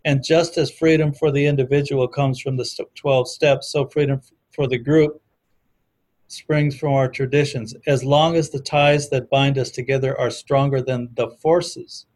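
A man's voice: medium pitch, fairly even intonation, moderate pace, a little mellow. A man in a casual conversation, thoughtfully quoting literature from memory with frequent restarts. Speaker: discussion guest on recovery history.

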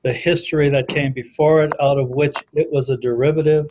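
A man's voice: fairly high pitch, fairly even intonation, fairly quick, a little mellow, slight background noise. A man in a casual conversation, thoughtfully quoting literature from memory with frequent restarts. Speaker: discussion guest on recovery history.

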